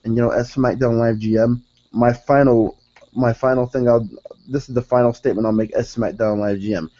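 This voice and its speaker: A man reviewing a wrestling show in a casual, rambling rant, excitable and profane, often restarting his sentences. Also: medium pitch, brisk, dull audio.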